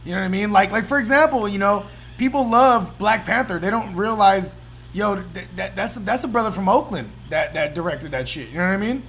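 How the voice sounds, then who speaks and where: Rambling Bay podcast host. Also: male voice, high-pitched, a little fast, fairly bright tone, slight background noise. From San Francisco Bay Area. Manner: rambling, constant "you know what I mean", swears freely. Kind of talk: casual chat.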